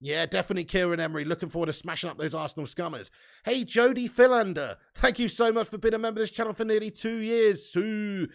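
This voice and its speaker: This is a young man hosting a live stream. He is reading viewer comments aloud. His voice is gravelly and sits a little high. His delivery is loose and laddish, with laughs and the odd swear word. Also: fast talker. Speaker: fan channel host reading live chat. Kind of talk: casual live-stream chat.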